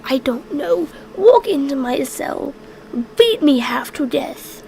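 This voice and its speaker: Woman voicing a jailed vampire hunter guy, slow sarcastic drawl, gravelly. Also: sits high, sing-song, darkish tone, a little hiss or hum, heavily acted, rough recording. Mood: bitter. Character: imprisoned male vampire hunter, bitter. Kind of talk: tabletop role-play.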